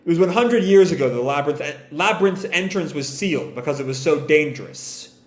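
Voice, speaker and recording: A man's voice: on the high side, expressive, a little fast, lightly acted. A man reading aloud the lines of a grave, ancient male dragon in a comic, in his own voice. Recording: echoey room.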